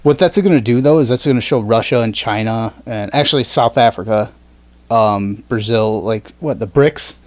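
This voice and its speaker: A man's voice: medium pitch, moderate pace, no echo. Guy cohosting a satire podcast, reads headlines then jokes around, dead dry sound. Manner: reads news items aloud, then jokes crudely. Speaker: podcast co-host. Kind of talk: casual satirical chat, reading news.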